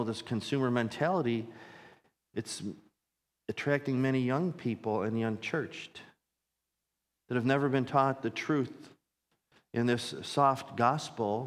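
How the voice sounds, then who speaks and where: A man's voice: medium pitch, in a large hall. A man preaching a sermon as pastor, earnest and repeating phrases for emphasis as his intensity builds.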